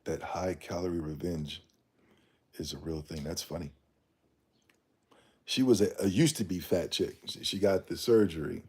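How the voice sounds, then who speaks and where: Man, livestream host, casual rant, blunt slang, dark husky tone. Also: deep voice, normal speed, long pauses. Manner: blunt slangy opinionated ranting. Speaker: streamer.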